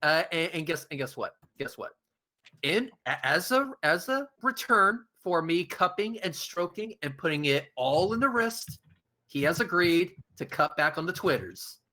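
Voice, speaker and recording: A man's voice: on the high side, expressive, unhurried, pushed and bright. A man in casual online chat, telling a crude joking story and acting out the quotes.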